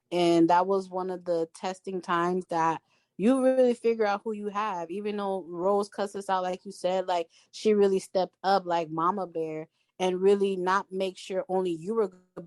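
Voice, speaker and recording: Female podcast guest: lower pitch, dry and close, emphatic storyteller. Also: dry recording. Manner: animated, emphatic storyteller acting out quotes. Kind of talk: casual storytelling chat.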